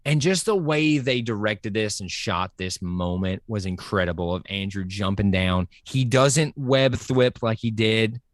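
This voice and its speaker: A man with a somewhat low voice talks on a podcast in an eager, spilling-over rush, with plenty of "um"s and "right?"s. The sound is dry and close, with no room around him. He keeps the energy high throughout. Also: no room sound. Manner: excited, fast-running enthusiasm with many fillers. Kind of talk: casual podcast chat.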